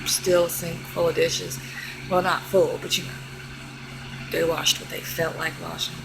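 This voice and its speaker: A woman's voice: lowish voice, unhurried, vocal fry, noisy background. A young adult woman vlogger giving a sassy, exasperated comedic rant straight to camera. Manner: sassy, exasperated, animated delivery.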